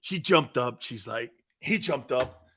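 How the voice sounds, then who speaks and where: A middle-aged man hosting a sports talk show, telling a family story with loud laughs and acted-out quotes. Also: medium pitch, takes it slowly. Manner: excitable, laughs loudly, acts out quotes.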